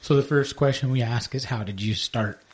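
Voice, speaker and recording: A man's voice: medium pitch, normal speed, a little mellow, slight background noise. A man hosting a podcast, laid-back, introducing his guest and asking short questions. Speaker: podcast host. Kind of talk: casual interview.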